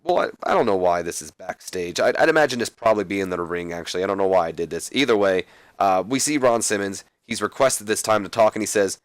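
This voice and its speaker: In a dry recording, a young man speaks quickly in a low-pitched voice. He's a let's play host giving a casual, slightly rambling recap of a wrestling game, reading scripted lines along the way.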